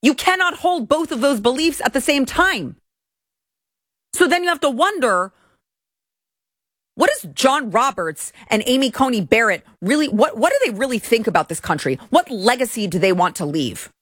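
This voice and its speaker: A woman's voice: a little high, fairly bright tone, dry recording, studio quality. A woman in her thirties hosting a political commentary show, delivering a heated, indignant monologue.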